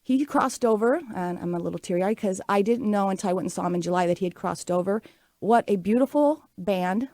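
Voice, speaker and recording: A woman's voice: mid-range voice, darkish tone, dry recording. A woman in her late forties hosting a talk show, telling stories in a chatty, upbeat way with many fillers. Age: 40s. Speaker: radio show host. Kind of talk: casual talk show monologue.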